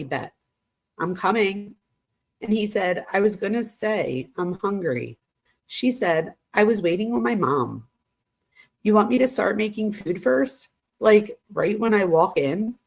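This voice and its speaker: A woman hosting a true crime channel, reading text messages aloud and breaking off with shocked asides. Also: medium pitch.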